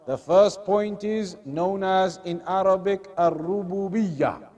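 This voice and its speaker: High-voiced man giving an Islamic lesson. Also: steady tone, takes it slowly, darkish tone. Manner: earnest, repetitive rhetorical questions. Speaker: Islamic teacher. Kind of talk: religious lesson.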